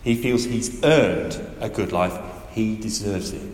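A man preaching a sermon, emphatic and animated, putting direct questions to his listeners. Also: fairly low pitch, a little slow, slight background noise. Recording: echoey hall with faint ambience.

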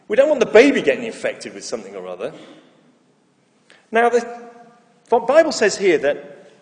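A middle-aged man preaching a sermon, telling stories and stressing key phrases with slow repetition. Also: sits high. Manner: storytelling, emphatic with slow repeated phrases. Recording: echoey hall reverb.

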